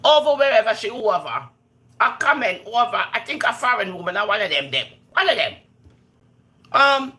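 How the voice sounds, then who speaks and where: Jamaican woman, livestream host, lively swinging delivery, bright edge. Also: normal speed. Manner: animated, scolds viewers in patois, swooping pitch. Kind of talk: casual live stream chat.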